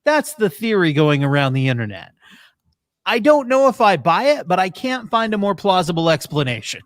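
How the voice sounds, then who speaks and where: A man hosting a podcast in casual chat, animated and wry, swearing freely between asides. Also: high voice, moderate pace, no room sound, clean studio sound. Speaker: podcast host.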